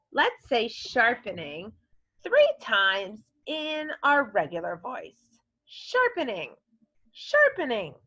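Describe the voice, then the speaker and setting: A woman's voice: on the high side, pushed and bright, highs cut off. A woman teaching a recorded vocabulary lesson to children, encouraging them and modeling words in playful voices. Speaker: elementary school teacher.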